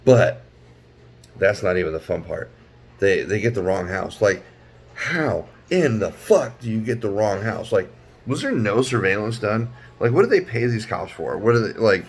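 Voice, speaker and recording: Man, lowish voice, heated profane rant, commentary. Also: big pitch swings, moderate pace, soft background music. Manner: angry profane rant, rising to shouts. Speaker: YouTube commentator. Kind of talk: ranting commentary.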